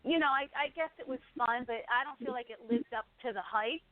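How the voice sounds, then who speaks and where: A woman's voice: fairly high pitch, fairly quick, no echo. A woman co-hosting a boxing show, giving blunt and opinionated fight takes in casual chat. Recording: tinny phone-like sound.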